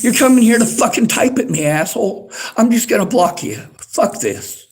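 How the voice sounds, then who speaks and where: A man's voice: very high voice, lively intonation, brisk. A worked-up man streaming from a library, repeating himself in an angry, profane rant at his chat. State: agitated, worked up.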